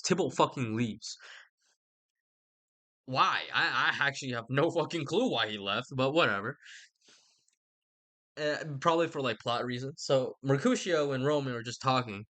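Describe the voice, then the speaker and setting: A man's voice: mid-range voice, sharp tone. A man giving a rambling, sweary comic retelling with lots of asides. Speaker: vlogger.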